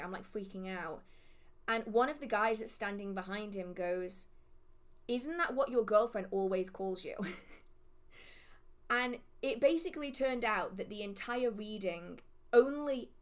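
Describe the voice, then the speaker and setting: Chatty self-deprecating woman. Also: mid-range voice. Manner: rambling, self-deprecating, many fillers. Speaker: witchcraft channel host. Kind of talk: casual storytelling on a livestream.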